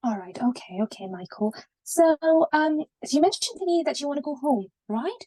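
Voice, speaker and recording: A woman role-playing a junior doctor, speaking gently and reassuringly with many okays. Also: sits high, very animated, moderate pace, no echo.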